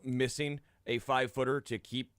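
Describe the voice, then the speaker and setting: A man's voice: mid-range voice, little pitch movement, moderate pace, a bit bright, smooth, no echo, studio quality. A man co-hosting a sports radio show, breaking down golf in a wry, analytical way. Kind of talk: casual sports radio chat.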